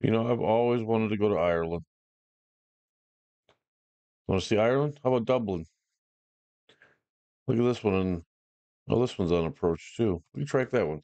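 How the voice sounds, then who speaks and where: A man casually commenting while trying out software, laid-back and joking with slangy talk. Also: fairly low pitch, normal speed, long pauses, dry recording.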